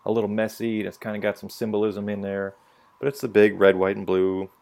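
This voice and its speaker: A man's voice: lowish voice, flat delivery, brisk, creaky, darkish tone. A young man telling stories on a casual opinion podcast, blunt and profane. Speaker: podcast co-host.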